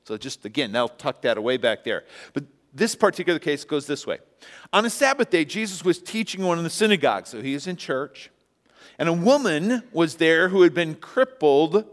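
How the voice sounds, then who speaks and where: A male pastor preaching a sermon in a church, telling the story with animated, emphatic peaks and asking the congregation to respond. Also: fairly high pitch. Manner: asks the congregation to answer and respond. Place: church sanctuary. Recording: long church-hall reverb.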